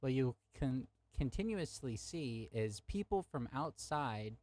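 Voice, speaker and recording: A man's voice: medium pitch, expressive, slow, a little mellow, no room sound. A young man streaming a heated debate, arguing angrily with his chat and swearing often. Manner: angry, profane, talks to chat.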